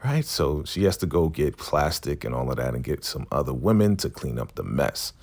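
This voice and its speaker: A man with a very low, gravelly voice recaps a TV episode in a casual, animated way. His pitch swings widely as he jumps into the characters' lines. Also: moderate pace. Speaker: TV recap vlogger.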